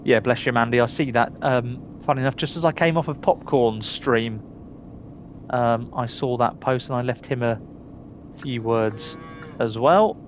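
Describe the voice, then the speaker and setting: A man's voice: mid-range voice, steady tone, measured pace, a little hiss or hum. A middle-aged man with a Surrey accent, chatting casually to viewers while live-streaming a game, reading out their names and laughing often. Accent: Surrey English. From England.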